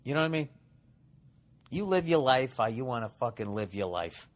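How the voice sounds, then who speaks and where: A man's voice: medium pitch, big pitch swings, moderate pace. A man hosting a podcast, reading listener letters and riffing on them in a rambling, profane, sarcastic way. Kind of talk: rambling comedic monologue.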